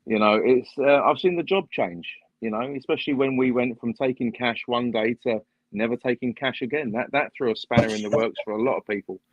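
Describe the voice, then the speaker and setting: A man who works as a bus driver, chatting casually on a live stream, speaking in a measured way with frequent pauses and dry, wry asides. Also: mid-range voice, no echo. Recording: dull lo-fi live-stream audio.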